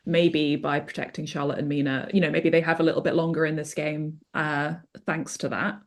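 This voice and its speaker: Low-voiced female podcast co-host. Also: flat delivery, fairly quick. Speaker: guest co-host. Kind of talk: casual recap chat.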